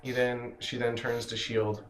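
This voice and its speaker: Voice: mid-range voice, level tone, a little slow, slight background noise. Casual game master in an echoey room. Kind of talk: narrating a tabletop game.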